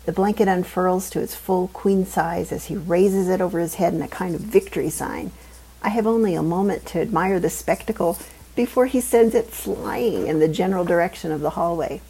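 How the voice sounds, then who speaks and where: A woman reading a first-person novel aloud in a wry, deadpan, humorous way. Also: fairly low pitch, normal speed, husky, poor audio. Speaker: audiobook narrator. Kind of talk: first-person scripted narration.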